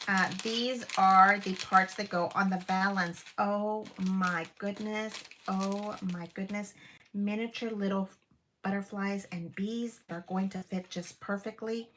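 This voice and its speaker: In a noisy setting, a woman in her fifties talks slowly and steadily in a mid-range voice while hosting a live craft stream from home. She gushes over every piece, often exclaiming and leaning heavily on fillers.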